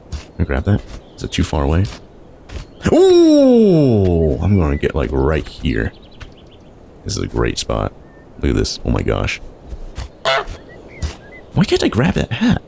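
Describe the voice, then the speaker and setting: A young man giving excitable, casual commentary while playing a video game, often exclaiming and laughing. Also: rumbling low, normal speed, creaky, pauses often, a little hiss or hum. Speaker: let's play host.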